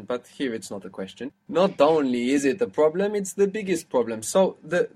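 A man's voice: fairly high pitch, darkish tone. A man teaching a language lesson, explaining step by step and prompting his student.

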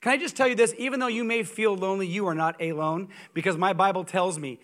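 A man preaching as a guest speaker, telling stories in an animated, humorous and emphatic way. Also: high voice, fast talker. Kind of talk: sermon.

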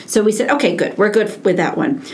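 A middle-aged woman who works as an early childhood educator, telling stories in conversation and acting out quoted dialogue with lively repetition. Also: medium pitch, brisk. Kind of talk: animated conversational storytelling.

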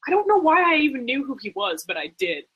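A woman co-hosting a podcast in casual, animated chat, full of "like" and "um". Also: high voice, quick pace, dull audio. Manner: chatty, animated, fond of "like" and "um". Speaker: podcast co-host.

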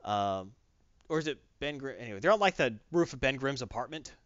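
A podcast host with a medium-pitched voice recaps a comic book casually, speaking fairly quickly as an animated storyteller packed with fillers. There's no room sound, and the recording itself is dull, dry and lo-fi.

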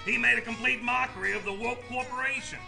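An actor playing a gruff, impatient Southern sheriff in hot pursuit, speaking in a brusque, gravelly voice in a comedic commercial. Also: male voice, very high voice, steady tone, fast, over music, full character voice.

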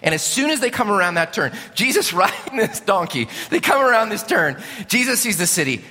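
Animated male preacher in a reverberant church. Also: high voice, brisk. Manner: animated storytelling, rising and falling. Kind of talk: sermon. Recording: long reverb of a large hall.

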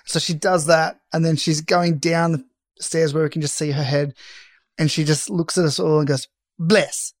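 A man's voice: fairly high pitch, flat delivery, normal speed, dry recording. Middle-aged man, podcast host, casual joking chat, self-mocking, dry close mic.

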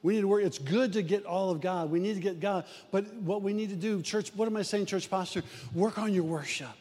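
An older man with a high voice preaches to his church, folksy and storytelling, stumbling over repeated words. His voice rings out with a long reverb, as in a big hall. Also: a little fast, darkish tone. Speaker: pastor. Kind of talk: sermon.

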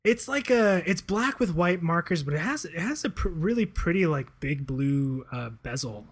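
A man chatting casually as a podcast co-host, relaxed and rambling, with lots of fillers and laughter. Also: a little high, moderate pace. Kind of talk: casual chat.

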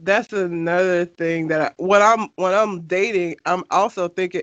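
A woman's voice: lowish voice, unhurried, no echo. A woman in casual conversation, telling stories with lots of laughter and animation. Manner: animated storyteller, laughs often. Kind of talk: casual chat. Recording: dull lo-fi sound, dry.

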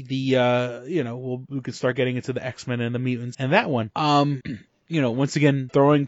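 A man's voice: mid-range voice, no echo. Rambling man on a lo-fi podcast. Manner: rambling, profane, many fillers and restarts. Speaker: podcast co-host. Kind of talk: casual podcast chat.

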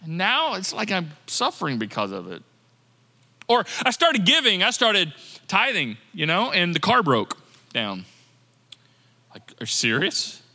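A man's voice: sits high, wildly swooping pitch, unhurried, pauses often, pushed and bright. A man preaching a sermon as pastor, talking to the congregation in a conversational way and repeating words for emphasis. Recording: long reverb of a large hall.

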